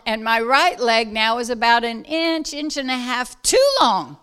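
Woman telling a story, bright high-ish voice, gets loud acting out what folks said. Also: measured pace, hardly any pauses, clean tone. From South Georgia, US. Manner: animated, acts out quoted voices loudly, laughs while telling. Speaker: guest telling a testimony. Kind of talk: casual storytelling.

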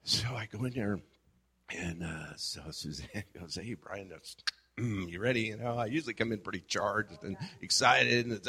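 A man sharing a personal prayer experience in a casual testimony, telling it in an animated way with acted-out quotes. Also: mid-range voice, normal speed, slightly rough. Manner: animated storytelling, acts out quoted exchanges, trails off softly.

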